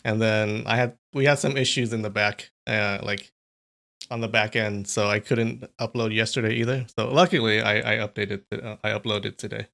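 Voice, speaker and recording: A man's voice: on the low side, fairly even intonation, normal speed, gravelly, sharp tone. A man hosting a live stream, chatting casually with his viewers and often laughing. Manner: chatty, amused, talks to chat.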